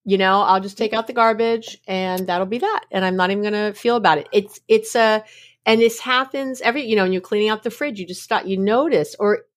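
A woman's voice: mid-range voice, fairly quick. A middle-aged woman explaining mindfulness in casual conversation, acting out little scenes with laughs. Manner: animated storytelling with laughs and acted-out quotes. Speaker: guest expert on mindfulness.

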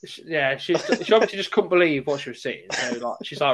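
A young man telling a school story on a podcast, animated and sweary, acting out what people said. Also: on the high side, fairly quick. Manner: animated, sweary storyteller who acts out quotes. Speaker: podcast co-host. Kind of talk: casual storytelling chat.

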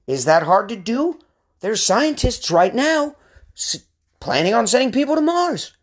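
A man's voice: extremely high pitch, very animated, a little slow. A man in his thirties from the US West Coast, hosting a podcast with a rambling, ranting comic monologue. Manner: ranting, rambling, crude jokes. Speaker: podcast host. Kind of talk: comedic monologue.

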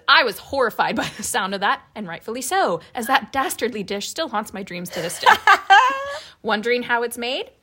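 Lively, bright-voiced woman podcast co-host. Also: fairly high pitch. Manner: animated storytelling, laughing often. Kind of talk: casual chat, reading listener stories aloud.

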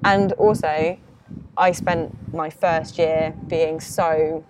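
Young woman, slightly low voice, rambling podcast-guest chat over audible hiss and clicks. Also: extremely slow. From Oxford, England. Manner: chatty, many fillers, animated when quoting others. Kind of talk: casual chat. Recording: noisy recording with clicks.

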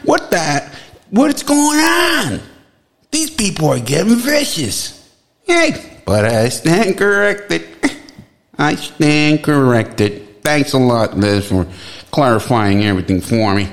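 A man giving mocking comedic commentary, heckling loudly with excited exclamations. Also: fairly high pitch, slow. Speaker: comedy video host.

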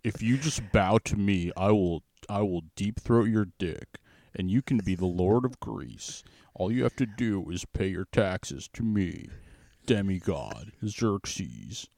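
A man's voice: on the low side, lively intonation, slow, creaky, a little mellow, no echo, studio quality, full character voice. A man improvising a lewd, smug male god-king emperor in a comedy bit. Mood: seductive. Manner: leering, smug, suggestive.

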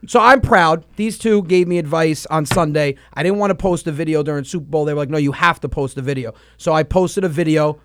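High-voiced animated New man. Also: fairly quick, few pauses, background noise. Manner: animated storyteller, acts out voices in his stories. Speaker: comedy radio show host. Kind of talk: casual comedic banter. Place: radio studio.

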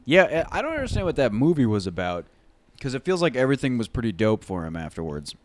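Lively, profane joking man. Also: medium pitch, quick pace, slight background noise. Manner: profane, joking, reads aloud from a phone or page. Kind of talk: casual chat.

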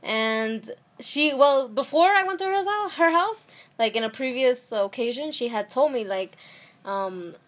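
A twenty-year-old woman from Brooklyn with a New York accent and a fairly high voice, co-hosting a podcast. She talks bluntly, giggles and swears offhandedly. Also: animated, unhurried. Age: 20s. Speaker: podcast co-host. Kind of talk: casual chat.

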